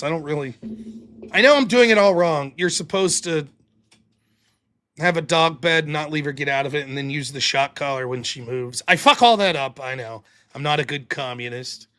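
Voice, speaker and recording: A man with a fairly high, fairly bright voice hosts his own late-night live stream, chatting casually and swearing freely as he rambles. There's slight background noise in the recording.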